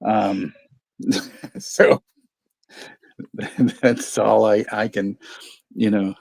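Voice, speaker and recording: Gravelly low-voiced man hosting a stream. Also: little pitch movement, very slow, a little mellow, no room sound. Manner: joking, laughs between phrases. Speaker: host of a movie watch-party stream. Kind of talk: casual livestream chat.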